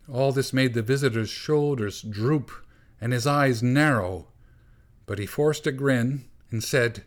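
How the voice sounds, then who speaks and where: A man reading a storybook aloud as narrator, in a calm, measured way. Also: medium pitch.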